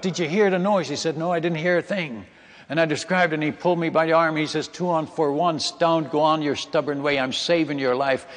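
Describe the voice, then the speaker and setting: Male preacher, high-ish voice, dramatic sermon storytelling, big hall reverb. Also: fairly bright tone. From Netherlands. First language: Dutch. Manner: emphatic, dramatic retelling that addresses the audience as friends and folks. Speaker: missionary preacher.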